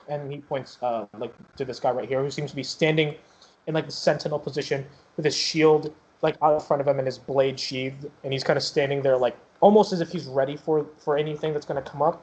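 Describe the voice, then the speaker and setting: A man with a fairly high voice narrates a tabletop game as game master. He describes scenes casually, leaning on fillers and restarts. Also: steady tone, fairly quick, a little mellow, rough recording.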